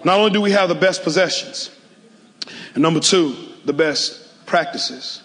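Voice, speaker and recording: Preacher guy, high voice, call and response, big echoey hall. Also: normal speed. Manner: call-and-response preaching, swings from soft to shouting. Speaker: pastor. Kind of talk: sermon. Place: large auditorium.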